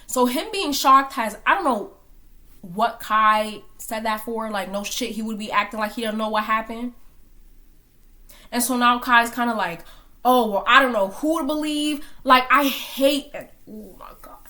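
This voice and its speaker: A woman's voice: fairly high pitch, unhurried, pushed and bright. A woman giving a blunt, heated opinion in a commentary vlog, hammering her points with rhetorical questions and swearing. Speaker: commentary vlogger.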